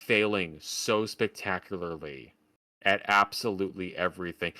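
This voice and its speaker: A man's voice: lowish voice, animated, normal speed, fairly bright tone. A man co-hosting a podcast, ranting about a film in casual, profane, sarcastic talk. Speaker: podcast co-host. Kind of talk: casual film review chat.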